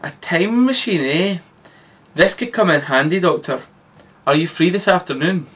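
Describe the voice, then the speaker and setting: Field: Velma, a man doing a curious, eager young woman. Pitch: raised high. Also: animated, moderate pace, fairly bright tone, slightly rough, full character voice. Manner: pleading, eager.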